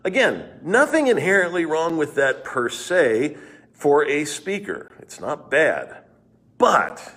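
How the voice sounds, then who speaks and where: A man's voice: a little high, very animated, slow, fairly bright tone. A male pastor giving a devotional Bible teaching, explaining scripture verse by verse in an earnest, explanatory way and reading passages aloud.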